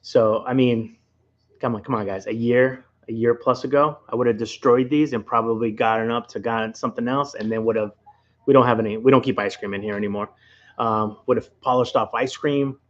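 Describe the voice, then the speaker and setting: A man's voice: mid-range voice, steady tone, brisk, dull audio. A man with a Rhode Island accent hosting a casual late-night livestream from home, rambling and chatting straight to his viewers. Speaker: livestream host.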